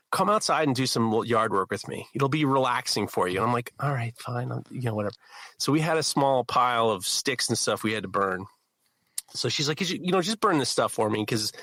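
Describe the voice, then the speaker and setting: A man co-hosting a knife-making show, telling a story with lively energy and acting out the people in it. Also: medium pitch, no room sound, studio quality. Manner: excitable, acts out quoted voices. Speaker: podcast co-host. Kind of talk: animated storytelling.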